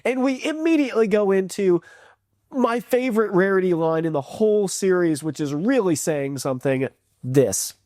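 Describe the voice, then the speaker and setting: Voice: mid-range voice, expressive, normal speed, darkish tone, no echo, studio quality. A reviewer in a casual video review who talks enthusiastically, rambles and acts out quotes.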